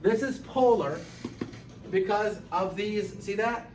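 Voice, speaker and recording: A man with a high voice lectures a chemistry class, pressing his points with emphatic, animated repetition. He is picked up from across an echoey classroom, so he sounds roomy and distant over faint background ambience. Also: slow pace, a little hiss or hum. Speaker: chemistry teacher.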